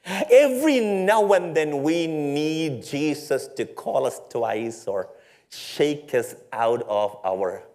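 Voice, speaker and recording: A man's voice: medium pitch, a little mellow. A male pastor preaching a sermon in a storytelling way, with rhetorical questions and playful asides to his congregation.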